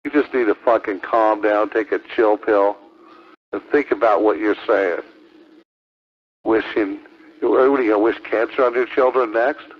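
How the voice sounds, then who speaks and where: This is a heated on-air argument from a ham radio operator whose voice is lowish and steady in tone. Speaking at a moderate pace, the man taunts, curses, and keeps repeating his accusations, all heard through a lo-fi radio transmission.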